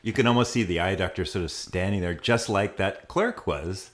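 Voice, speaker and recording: A man's voice: deep voice, normal speed. A man co-hosting a podcast, mostly giving short replies and reading out the topic. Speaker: podcast co-host. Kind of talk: casual podcast chat.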